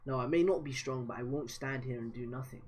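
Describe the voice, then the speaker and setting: A gentle, anxious young man who keeps doubting himself, voiced by a man reading aloud. The husky voice stays plain and close to everyday speech, with a storybook feel. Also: mid-range voice, brisk, lightly acted.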